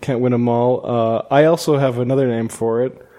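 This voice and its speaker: Man, podcast host, casual joking chat, mellow voice. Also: mid-range voice, steady tone, normal speed. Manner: laid-back, joking, chatty.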